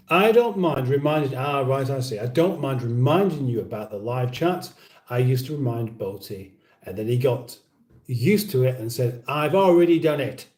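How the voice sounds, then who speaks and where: Speaking from a distance in a room full of echo, this male streamer has a mid-range, slightly mellow voice. He hosts a relaxed live chat, reads out viewer comments, and wanders off on tangents, interrupting himself with deadpan wit.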